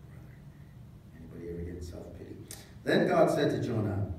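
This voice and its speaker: A man preaching a sermon as pastor, retelling scripture in a casual, joking way with animated asides. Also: fairly low pitch, fairly quick, long pauses, a little hiss or hum. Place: church hall. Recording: echoey hall, mic at a distance.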